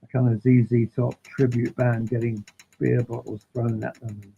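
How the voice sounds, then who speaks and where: A man guesting on an interview, telling animated, rambling anecdotes that keep interrupting themselves. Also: mid-range voice, moderate pace, vocal fry, slightly rough. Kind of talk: casual storytelling. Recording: tinny phone-like line.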